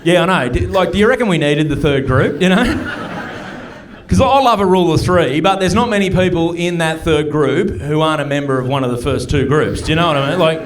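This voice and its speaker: A middle-aged Australian comedian talks to a live club crowd through a handheld mic. His voice sits a little high for a man, and his punchy, chatty storytelling slips into quick mock voices. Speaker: stand-up comedian. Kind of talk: stand-up comedy set. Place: comedy club stage before a live audience.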